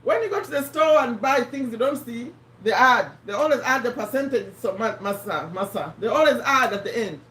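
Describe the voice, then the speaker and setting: A woman's voice: on the high side, expressive, normal speed, hardly any pauses, a bit bright. Woman, strained voice, roomy distant sound. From Uganda. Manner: chatty, addresses viewers by name, repeats points. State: strained, failing voice. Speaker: live-stream host. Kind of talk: casual live-stream chat.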